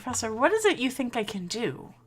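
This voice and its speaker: An actress playing a curious, skeptical young archaeologist in video game dialogue, talking in a direct, questioning way. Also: female voice, on the high side, sing-song, fast talker, slight background noise.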